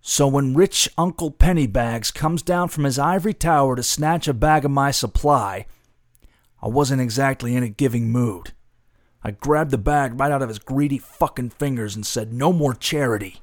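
Brief: a man as a haunted, swearing newsstand vendor, mid-pitch, dry close mic. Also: normal speed, no room sound, natural voice. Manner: profane, agitated, haunted. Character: bitter working-class man confessing a killing. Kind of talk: radio drama acting.

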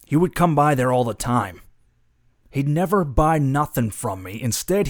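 An actor voicing a bitter, profane street vendor pours out a haunted confession in a radio drama, at an ordinary pitch with a dry, close sound. He is agitated and swears freely. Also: dry recording, close to an everyday voice. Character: bitter working-class man confessing a killing.

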